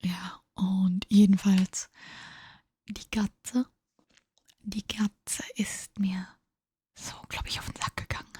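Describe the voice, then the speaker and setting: A tired woman chats in a breathy whisper on an ASMR livestream, slow and unhurried. Her tone is dark and soft, and she moves easily between two languages. The sound is dry and close, with no room echo. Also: medium pitch, level tone. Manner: drowsy, chatty, switching between two languages. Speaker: ASMR streamer.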